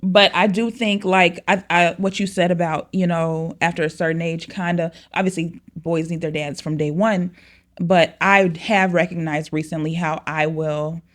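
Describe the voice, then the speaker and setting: A woman with a slightly low voice talks casually as a podcast guest. She rambles with many fillers and restarts, and she breaks into quoted asides. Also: fairly even intonation, moderate pace. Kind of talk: casual chat.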